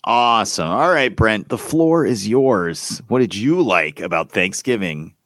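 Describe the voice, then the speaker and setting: Casting: man, Massachusetts podcast host, low voice with a lively swing, dry close mic. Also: measured pace, no echo. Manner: lively, laughing, profane. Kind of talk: casual movie review chat.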